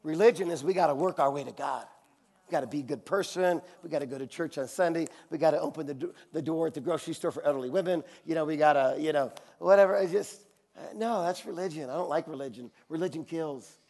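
A man preaching a sermon, telling a personal anecdote with acted-out voices, laughing often and dropping to a quiet, intimate tone for serious moments. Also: fast. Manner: drops to a quiet, low, intimate tone for serious parts. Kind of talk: sermon storytelling.

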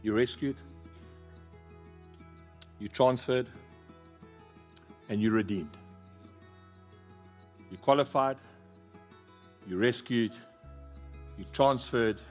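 A man's voice: mid-range voice, extremely slow, long pauses, soft background music. A man preaching a sermon, telling stories with humor and calling on the congregation to repeat after him. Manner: storytelling, humorous, call-and-response with congregation. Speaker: pastor.

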